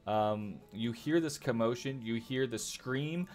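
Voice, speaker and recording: A man narrating as game master of a tabletop game, halting with frequent filler sounds. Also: medium pitch, a little mellow.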